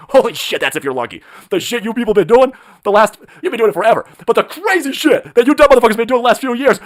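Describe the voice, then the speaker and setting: A man hosting a live stream, ranting in a profane, mocking way and shouting often. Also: extremely high pitch. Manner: profane, mocking, shouting rants with mimicked voices.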